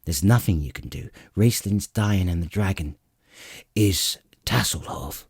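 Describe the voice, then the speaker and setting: A man doing a gruff husky old dwarf. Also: low voice, unhurried, no echo, studio quality, heavily acted. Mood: gruff urgent. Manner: growling, terse.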